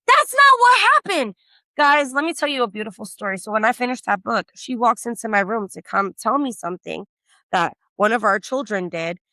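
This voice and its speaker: Podcast co-host, woman, bright higher voice, swears freely, animated storyteller, dry close mic. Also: fairly quick, no room sound. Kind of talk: casual chat.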